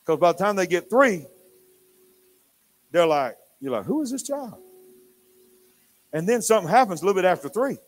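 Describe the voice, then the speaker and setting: High-voiced older preacher telling stories. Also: male voice, fairly quick, long pauses. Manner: animated, swinging from hushed to loud. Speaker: pastor. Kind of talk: sermon storytelling. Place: church.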